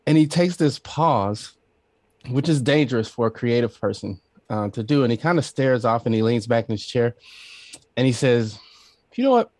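A man's voice: mid-range voice, moderate pace, dry recording. A middle-aged man spins stories with gusto, laughing along the way. His voice sits in a middle register and sounds dry and close, as if in a treated studio. He tells them like an easygoing podcast guest. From Southern Illinois, USA. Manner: animated storyteller, laughs often, acts out quoted voices. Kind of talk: casual storytelling interview.

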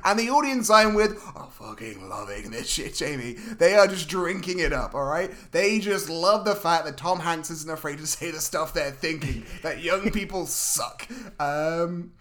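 A man, retelling a film plot in a jokey, sweary, animated way as a podcast co-host. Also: on the high side, moderate pace, few pauses. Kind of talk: casual film recap chat.

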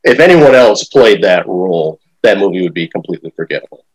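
A man's voice: low-pitched, animated, a little fast, slightly rough, low-quality recording. A middle-aged man hosting a podcast interview, talking in a hesitant, rambling way with lots of fillers. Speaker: podcast host. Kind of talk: casual interview chat.

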